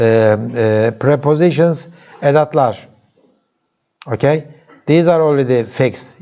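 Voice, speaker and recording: Mellow-voiced lecturer with a Turkish accent. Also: male voice, mid-range voice. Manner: checks in with the class, frequent "okay?" and "right?"; halting, with many filler sounds and restarts. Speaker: university lecturer. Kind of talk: classroom lecture.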